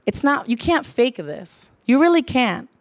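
A woman's voice: high voice, very animated, a little slow, dry recording, studio quality. A young adult woman giving an earnest sermon, repeating phrases for emphasis. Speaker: church speaker.

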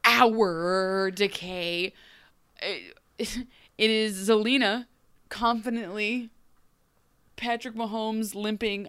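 A woman co-hosting a podcast casually recaps a TV episode, animatedly acting out the characters' lines as she goes. Her voice is mid-range and her pace measured, in a dry recording.

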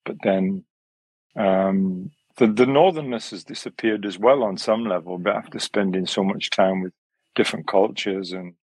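A man from Wales, a yoga teacher and musician, talking as a podcast guest in a relaxed, rambling way. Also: low voice, normal speed, husky, dry recording, rough recording. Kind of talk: relaxed conversational interview.

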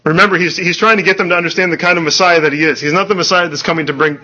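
Bright-voiced man preaching earnestly. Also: fairly high pitch, fairly even intonation, very fast, muffled recording. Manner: earnest, conversational preaching with frequent restarts. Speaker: pastor. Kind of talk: sermon.

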